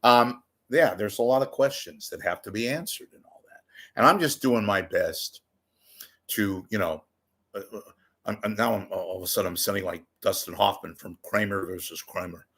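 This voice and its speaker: In a home room with a TV monitor behind him, a man delivers jokey commentary to the camera, his voice lowish and fairly bright, his pace moderate. The vlogger rambles off on tangents, swears, and now and then launches into silly voices.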